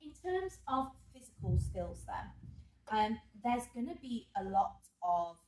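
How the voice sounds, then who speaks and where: A woman's voice: on the high side, very animated, takes it slowly, mellow, recorded from a distance, a little hiss or hum. A woman drama teacher giving an exam revision lesson, chatty and full of fillers, who checks in with her class. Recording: echoey room, voice off-mic.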